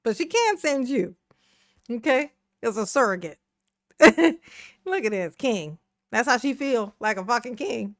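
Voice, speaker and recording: A woman's voice: fairly high pitch, expressive, measured pace, long pauses, no echo. A woman hosting a casual commentary video, sassy and profane, laughing often as she reacts to a clip. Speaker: reaction channel host.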